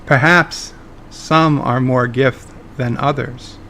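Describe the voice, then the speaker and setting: A man's voice: medium pitch, steady tone, takes it slowly, sharp tone, a little hiss or hum. A man voicing a smug, omnipotent male trickster who talks in teasing riddles.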